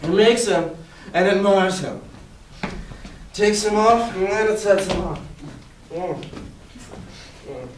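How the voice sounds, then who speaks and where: A teenage boy playing a drunken comic porter in a school stage performance, speaking haltingly with stumbles. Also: high-pitched. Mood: joking. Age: teens. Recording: echoey room, distant mic, noisy.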